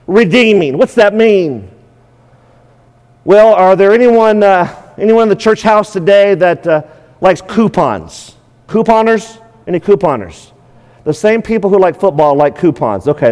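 A man preaches in a church sanctuary, his voice sitting high. He drives his points home with repetition and questions to the congregation. A long reverb hangs on every phrase. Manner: emphatic, repeats phrases, asks the congregation questions. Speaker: pastor. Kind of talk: sermon.

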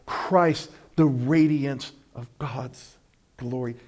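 A middle-aged male pastor preaching a sermon, swinging between loud, slow declarations and hushed, drawn-out lines. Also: fairly high pitch.

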